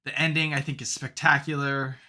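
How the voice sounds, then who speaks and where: A young man co-hosting a podcast, chatting casually and telling stories with lots of "like" and "um", animated as he gets into them. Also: mid-range voice, a little fast. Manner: rambling, filler-heavy, animated storytelling. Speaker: podcast co-host. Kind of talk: casual chat.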